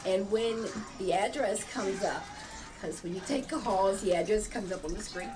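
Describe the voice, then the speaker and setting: A woman telling a personal story in a measured, plain way. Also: mid-range voice, poor audio. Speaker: interviewee.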